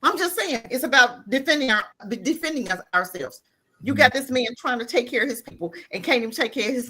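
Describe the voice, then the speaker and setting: High, bright-voiced impassioned woman. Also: husky. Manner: impassioned, blunt, emphatic. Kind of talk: heated podcast commentary.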